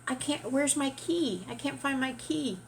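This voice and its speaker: A woman's voice: high-pitched, unhurried, creaky, a little hiss or hum, pitched above the performer's own voice. A woman mimicking a confused old lady in her eighties. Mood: flustered. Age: 80s. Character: frail confused elderly woman neighbor.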